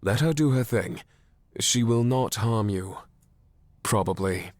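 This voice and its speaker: A stiff, put-on British phone operator. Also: male voice, fairly low pitch, slow, a little mellow, no room sound. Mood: formal. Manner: formal, condescending.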